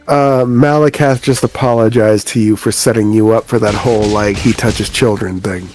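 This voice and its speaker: A man's voice: fairly low pitch, steady tone, normal speed, a little mellow, faint music behind. A man running a tabletop game as game master, joking and swearing, narrating what characters do. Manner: profane, joking, exasperated rants.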